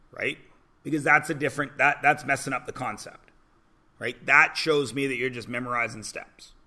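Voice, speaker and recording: In a classroom, a high school math teacher in his forties delivers a lecture while chatting and joking with the kids. His mid-range voice sounds bright and pushed.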